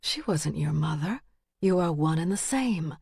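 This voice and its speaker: A woman voicing a menacing male killer who speaks in a quiet, low, deliberate way. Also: lively intonation, vocal fry, husky, dry recording, studio quality, heavily acted. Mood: cold menace. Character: menacing male killer, cold and self-righteous.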